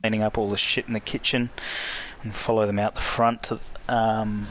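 A man's voice: on the low side, little pitch movement, normal speed, fairly bright tone. Man telling a story over hiss. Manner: storytelling with quoted voices. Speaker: caller. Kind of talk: recorded phone story.

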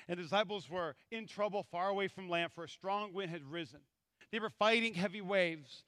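A male pastor delivers an animated sermon and slips into the voices of the people in the stories he reads. His voice sits high and sounds bright and forceful. The recording is close and dry. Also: dry recording. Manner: animated, acts out scripture voices.

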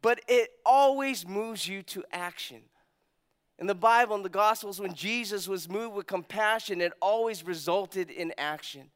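A man preaching a sermon as pastor, telling stories with energy and dropping to hushed emphasis on key points. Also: sits high, moderate pace, smooth. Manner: animated storytelling, acts out quotes, drops to hushed emphasis.

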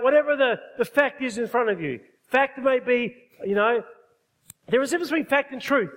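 A man's voice: very high-pitched, lively intonation, normal speed, fairly bright tone, long reverb tail. A man preaching a sermon, emphatic, often putting questions to his congregation. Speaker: pastor.

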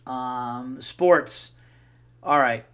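A man hosting a solo podcast, telling stories in an animated, profane, worked-up way. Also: mid-range voice, very slow, clear, resonant tone. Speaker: podcast host. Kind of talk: casual solo podcast storytelling.

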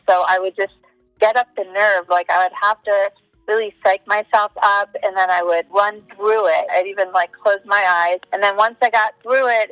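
A woman tells a personal story in a relaxed, thoughtful way. Her sound is dull and lo-fi, dry with no room around it, and faint music plays beneath her. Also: mid-range voice, no room sound. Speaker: podcast guest, psychic. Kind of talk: casual storytelling.

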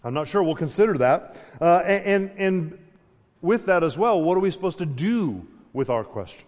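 A man's voice: high-pitched, big pitch swings, moderate pace, darkish tone, in a large hall. A man preaching a sermon in a conversational way, restarting phrases often and acting out dialogue. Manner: conversational, with frequent restarts and dramatic paraphrase. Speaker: pastor.

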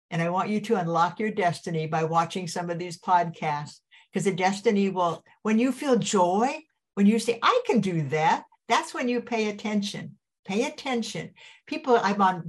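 An older woman hosting a podcast over a video call, gushing and preachy in an enthusiastic interview chat. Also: lowish voice. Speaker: podcast host.

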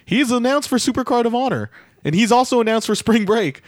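A man's voice: very high voice, lively intonation, fairly quick, no echo, clean studio sound. A man co-hosting a wrestling podcast, rambling with many restarts as he chats. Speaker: podcast co-host. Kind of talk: casual wrestling podcast chat.

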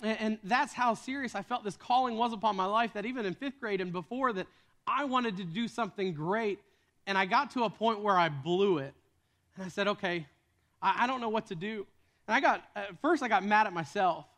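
A man's voice: sits high, a little fast, a bit bright. A young man preaching a sermon with earnest storytelling, often repeating words as he starts sentences. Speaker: pastor.

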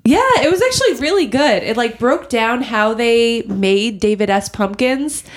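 A woman's voice: on the high side, expressive, normal speed. A woman chatting casually as a podcast host, giggly and rambling with many fillers. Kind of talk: casual chat.

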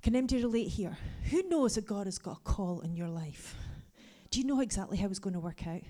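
Lively woman preaching. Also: mid-range voice, quick pace. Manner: animated, drops to a hushed whisper for asides. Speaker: pastor. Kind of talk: lively sermon with personal stories.

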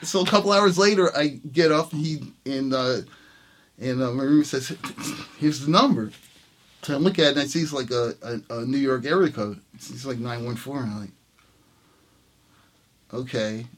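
Man telling a lively anecdote. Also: medium pitch, normal speed. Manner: animated, acts out quoted dialogue, laughs often. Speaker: jazz trumpet player telling a story. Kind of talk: casual anecdote in an interview.

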